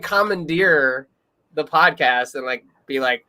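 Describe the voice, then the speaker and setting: Excitable young man, bright sharp voice. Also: a little high. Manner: quick, excitable, breaks into laughs and loud yells. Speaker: podcast host. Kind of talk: casual chat.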